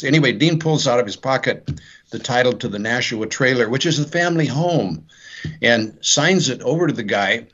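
A man's voice: mid-range voice, expressive, moderate pace, a bit bright, slightly rough. Brief: man, author guest, rambling storyteller who acts out lines, muffled lo-fi sound. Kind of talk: interview, retelling his novel's plot. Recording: dull lo-fi sound.

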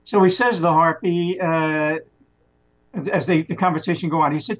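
A man casually retelling a story plot in a rambling, animated way, often restarting his sentences. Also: on the high side, normal speed. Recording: muffled lo-fi recording.

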